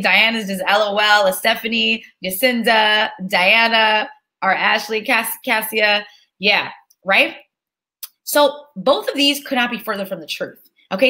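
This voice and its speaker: Bright, lively woman teaching a live webinar. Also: on the high side. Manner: energetic, preacher-like call and response; chatty, reads audience names aloud. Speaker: online course instructor.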